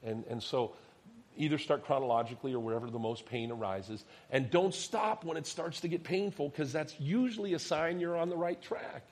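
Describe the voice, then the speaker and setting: A man in his thirties, a pastor preaching a sermon, telling a personal story and acting out the dialogue, dropping to soft, quiet tones at tender moments. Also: fairly high pitch, normal speed, slightly rough. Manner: animated storyteller, acts out quoted dialogue, drops to soft tones.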